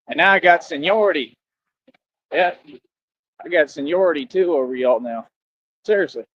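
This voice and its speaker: A man's voice: a little high, a little slow, pauses often, lo-fi sound, a little hiss or hum. A man ranting boastfully and scornfully on a live stream.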